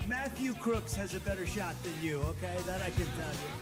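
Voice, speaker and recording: A man doing a crude, boastful impression of an older president, trading insults over loud music. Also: sits high, animated, brisk. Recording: clip with loud music behind.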